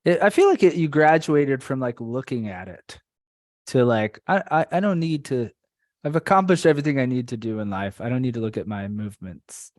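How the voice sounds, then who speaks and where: A man's voice: mid-range voice, lively intonation, fairly quick, darkish tone, no echo, studio quality. A man hosting a podcast, chatting in a rambling way and laughing easily. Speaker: podcast host. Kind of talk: casual podcast chat.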